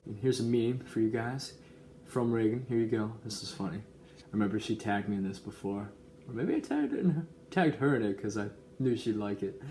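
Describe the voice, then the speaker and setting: Earnest young man, low voice, roomy echo. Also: moderate pace, slight background noise. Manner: earnest and excitable, reads verses aloud. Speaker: vlogger. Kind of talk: casual vlog, reading a gift card aloud. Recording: roomy echo with faint ambience.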